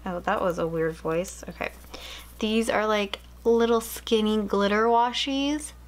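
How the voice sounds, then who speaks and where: A young woman in casual chat, unboxing planner supplies at home, gushing and excitable with frequent gasps. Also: mid-range voice, unhurried, rough recording. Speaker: planner vlogger. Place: home room.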